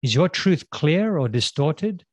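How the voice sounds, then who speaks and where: Guy preaching a sermon, fires off question after question, kinda high voice, dry close mic. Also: big pitch swings, dry recording. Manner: questioning, emphatic, slows and drops on key words.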